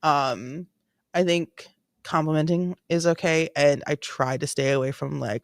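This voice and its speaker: A woman's voice: low-pitched, little pitch movement, moderate pace, dry recording. Chatty woman host, dry close sound. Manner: chatty and rambling, heavy use of "like". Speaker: true-crime livestream host. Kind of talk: casual live commentary while watching a clip.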